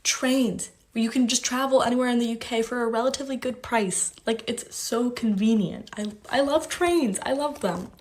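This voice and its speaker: American woman, kinda high voice, excited about stuff she loves. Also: normal speed, hardly any pauses. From United States. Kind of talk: casual list to camera.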